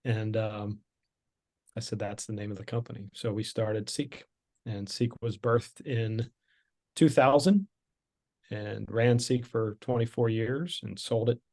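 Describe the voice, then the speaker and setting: A man's voice: on the low side, a little slow, darkish tone. A middle-aged man telling his story as a podcast guest, candid and conversational with frequent fillers and restarts.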